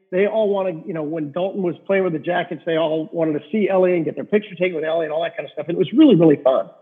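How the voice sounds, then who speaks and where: A middle-aged man with a husky, slightly high voice tells rambling stories as a guest, leaning on fillers as he goes. He is a rink-side hockey reporter, and he comes through a tinny, phone-like line. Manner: rambling anecdotes with many fillers. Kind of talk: casual storytelling interview.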